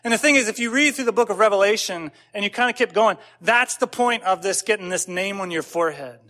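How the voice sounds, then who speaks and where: A man's voice: high-pitched, quick pace, bright, forceful tone. A man pastor giving a conversational sermon, telling stories with casual asides and building to emphatic points.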